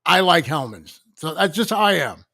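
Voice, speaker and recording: A man's voice: a little high, sing-song, normal speed, pushed and bright, no room sound, clean studio sound. A married man co-hosting a casual food podcast, easygoing, often repeating words as he starts. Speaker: podcast co-host. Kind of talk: casual chat.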